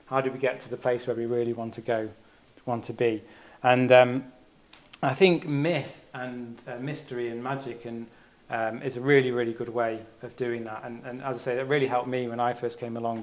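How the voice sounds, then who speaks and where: An earnest man gives a reflective talk at a retreat, searching for his words as he goes. His voice sits at an ordinary middle pitch, and his delivery is personal rather than polished. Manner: earnest, searching, thinks aloud. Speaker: retreat speaker, doctor.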